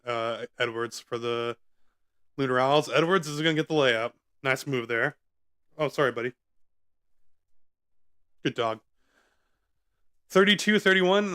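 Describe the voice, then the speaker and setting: A man's voice: medium pitch, smooth. Chatty man calling a game from home. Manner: relaxed, chatty calls with frequent asides and fillers. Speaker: live-stream host and commentator. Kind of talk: casual play-by-play commentary. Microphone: close microphone in front of his face.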